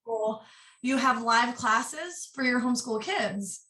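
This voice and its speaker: A woman in her twenties, an interview guest, sharing a personal story candidly and earnestly, in quick bursts. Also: a little high, bright, forceful tone. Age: 20s. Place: office. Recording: roomy echo, distant mic.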